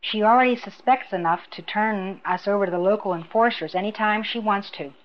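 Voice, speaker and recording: A woman's voice: medium pitch, brisk, a little hiss or hum, natural voice. A woman voicing a firm, earnest young man in a storybook reading, speaking directly. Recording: dull lo-fi recording.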